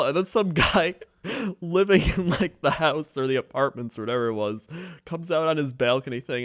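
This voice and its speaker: Animated man telling stories on a podcast. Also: normal speed, dry recording, clean studio sound. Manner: animated storyteller, acts out people in high voices. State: sick with flu. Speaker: podcast co-host. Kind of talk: casual chat.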